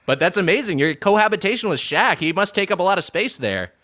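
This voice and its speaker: A man's voice: sits high, sharp tone. A man co-hosting a comedy podcast who talks in an earnest, careful way that tends to over-explain. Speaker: co-host. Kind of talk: casual comedic chat.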